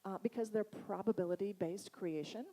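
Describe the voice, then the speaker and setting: A woman with a Boston accent giving a chatty, animated conference talk. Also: medium pitch, normal speed, rough recording. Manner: chatty and animated, laughs often. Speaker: conference speaker. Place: conference hall.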